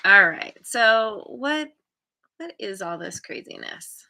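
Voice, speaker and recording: A woman's voice: medium pitch, lively intonation, takes it slowly, creaky, noisy background. A woman giving a live tarot reading and thinking aloud, meandering and often restarting as she searches for words. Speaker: tarot card reader.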